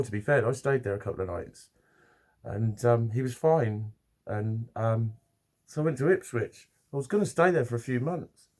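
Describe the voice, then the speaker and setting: Guy rambling to camera, swears a lot, keeps restarting, mid pitch. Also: dark tone. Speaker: vlogger. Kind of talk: casual rambling vlog to camera.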